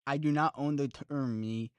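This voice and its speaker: A young adult streamer in casual live commentary. The voice swings widely in pitch, and the delivery is unhurried and jokey. The recording is dry and close. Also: no room sound. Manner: excitable, chatty, jokey, addresses viewers as guys. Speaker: streamer reacting to esports races.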